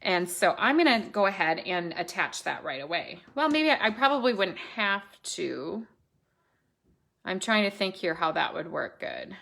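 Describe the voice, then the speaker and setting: A woman's voice: fairly low pitch, sing-song, normal speed, gravelly, a bit bright. A middle-aged woman, chatting through a live card-making demonstration, thinking aloud and correcting herself as she works. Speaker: stamping demonstrator.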